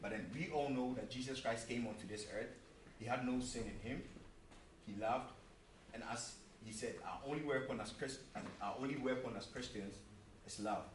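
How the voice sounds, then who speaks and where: A mid-range male voice at normal speed carries an earnest sermon full of repetition and rhetorical questions, with a joke told along the way. Recorded far from the mic in a church hall, the sound is roomy with a slight hum.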